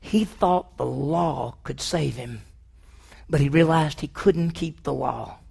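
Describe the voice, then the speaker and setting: A man preaching a sermon in a church hall, his voice pitched high and edged with a gravelly rasp. He swings from loud, pressing emphasis down to hushed near-whispers, and keeps putting questions to the congregation. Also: slow pace. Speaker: pastor.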